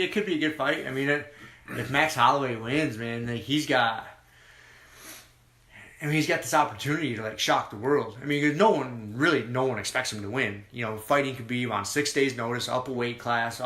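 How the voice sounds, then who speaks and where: A man chatting on a podcast in a casual, profane, excited ramble. His voice is bright and forceful, and the room has a noticeable echo. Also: medium pitch, fairly quick. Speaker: podcast co-host. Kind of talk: casual chat.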